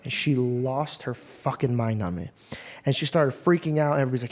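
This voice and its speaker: A man's voice: on the high side, expressive, a little fast. A man hosting a conversation, telling a personal story in a casual, earnest way, with frequent swearing. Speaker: podcast host.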